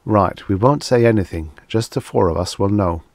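A man voicing an anxious officer who speaks haltingly, repeating words as he questions. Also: fairly low pitch, creaky, darkish tone, no room sound. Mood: tense. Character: anxious male officer, urging calm.

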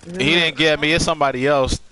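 A man's voice: a little high, fairly even intonation, fast, pushed and bright, a little hiss or hum. A man streaming a shooter game with friends, trash-talking and joking that he is getting mad. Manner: trash-talking, mock-angry, playful. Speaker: gaming streamer. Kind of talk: casual gameplay chatter.

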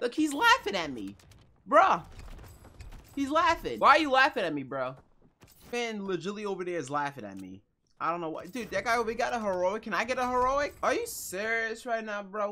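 This is a gaming YouTuber riffing through casual commentary in a loose, slang-heavy way. The voice is lively, with pitch leaping up and dropping low again as excitement and annoyance trade places. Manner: excitable, frustrated, slangy, restless.

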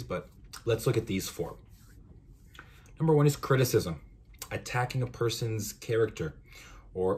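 A young man hosting a podcast, talking through course ideas in a relaxed, conversational way with frequent asides. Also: fairly low pitch. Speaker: podcast host. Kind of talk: casual explainer monologue.

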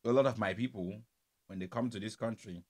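A man's voice: lowish voice, fairly quick. A man from Cameroon, giving casual, teasing reaction commentary and laughing often. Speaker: reaction video host.

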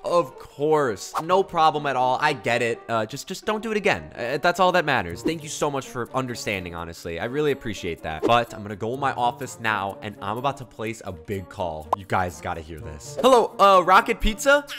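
Lively young man narrating game roleplay. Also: mid-range voice, brisk, few pauses, faint music behind. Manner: animated, switches between playful and mock-angry. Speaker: YouTuber narrating roleplay gameplay. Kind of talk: casual roleplay commentary.

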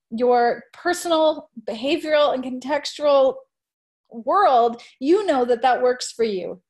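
A woman presenting on education in a webinar, answering questions earnestly and reflectively, warming into animated storytelling. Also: sits high, slow. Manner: earnest, reflective, often hedging with "I think"; grows animated when retelling classroom stories. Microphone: video call.

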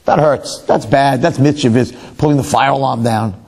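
A man's voice: mid-range voice, normal speed, creaky, darkish tone, breathy edge. A man, a rabbi giving a lecture, telling a story animatedly with rhetorical questions and self-mocking humor.

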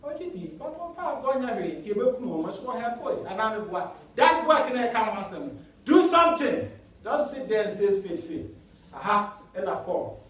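A Ghanaian elder preaches with a high-pitched voice that leaps from sudden loud cries down to low murmurs. He mixes English and Twi. The sound is a distant, roomy church recording with heavy echo. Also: expressive, moderate pace. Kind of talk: sermon. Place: church sanctuary. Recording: echoey hall, voice from far off.

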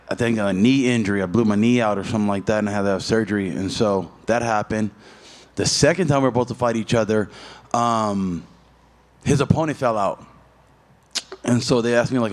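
Loose, profane man telling a story. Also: on the low side. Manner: loose, profane storytelling with animated voiced asides. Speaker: fighter at media day. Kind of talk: casual media interview. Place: media day event.

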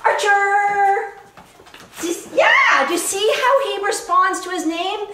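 A woman's voice: very high voice, expressive, takes it slowly. A woman dog trainer giving a chatty live demonstration, explaining as she goes and breaking into bursts of cheery praise for a puppy. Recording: echoey room with faint noise.

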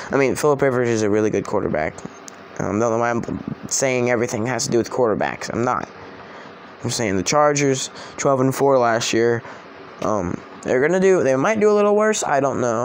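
A man chatting through his season predictions in a loose, rambling way, often stopping to correct himself. His voice sits at an everyday middle pitch, with a faint hum of background behind him. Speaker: sports vlogger. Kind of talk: casual sports predictions vlog.

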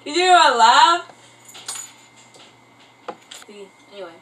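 A woman's voice: on the high side, very animated, a little slow, long pauses, fairly bright tone, recorded from a distance, poor audio. A young woman vlogging in casual chat, rambling and self-mocking, who keeps breaking into bits of song. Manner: breaks into singing snatches. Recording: voice from away from the mic.

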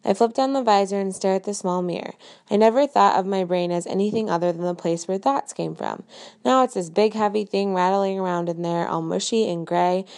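A woman reading a first-person novel aloud in an even, measured storytelling way. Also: mid-range voice. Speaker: reader.

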